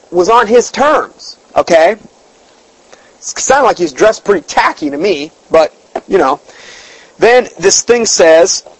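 A man with a high, husky voice preaches a sermon like a chatty story, emphatic, his pitch jumping up when he's stirred, with conversational asides, fillers and restarts. The recording is rough with no echo.

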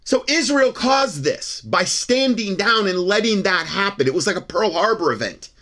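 A man's voice: high-pitched, very animated, normal speed, pushed and bright. A man hosting a religious commentary show, talking in an emphatic, repetitive, argumentative monologue.

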